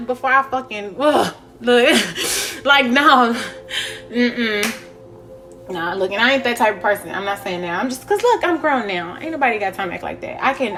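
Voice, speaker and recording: A woman's voice: on the high side, pushed and bright. A young woman, talking bluntly and profanely in a candid vlog monologue, laughing often. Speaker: spiritual vlogger.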